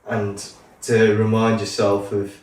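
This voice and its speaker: A man's voice: fairly low pitch, completely flat delivery, slow. A man from the Isle of Man hosting a podcast, talking in an easygoing, agreeable way with lots of fillers. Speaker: podcast host. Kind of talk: casual chat. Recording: echoey room, distant mic, faint noise.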